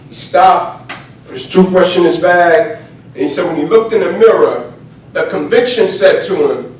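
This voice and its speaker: Male motivational speaker, rather high voice, telling a story with a repeated "right?", heard from a distance in a very echoey space. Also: normal speed, slight background noise. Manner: drops to a soft low voice for quoted lines. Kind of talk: storytelling speech. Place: event venue. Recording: echoey, from far off with faint ambience.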